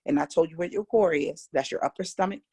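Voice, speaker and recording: A middle-aged woman with an American accent teaching a casual voice lesson, animated and coaxing, chatting straight to her students. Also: sits low, fast, husky. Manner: animated, coaxing, demonstrates exercises aloud. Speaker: vocal coach.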